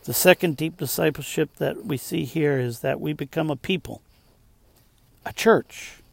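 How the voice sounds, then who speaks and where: A pastor preaching a sermon, rising to emphatic points and dropping to soft, slowed asides. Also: male voice, fairly high pitch, creaky, dry recording.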